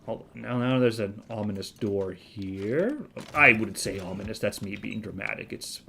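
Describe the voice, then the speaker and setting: A man's voice: fairly low pitch, moderate pace, gravelly, few pauses, over music. A man hosting a casual let's-play video, chatty and thinking aloud with frequent fillers and self-corrections. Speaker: gaming video host.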